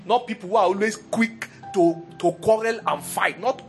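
A pastor preaching a sermon in an animated, humorous way, full of rhetorical questions. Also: male voice, high voice, normal speed, creaky, soft background music.

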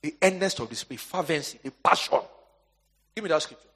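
A male pastor preaching a sermon. He leaves questions hanging for the congregation to answer and swings between soaring emphatic lines and quiet asides. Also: fairly high pitch, animated, a little fast, slightly rough.

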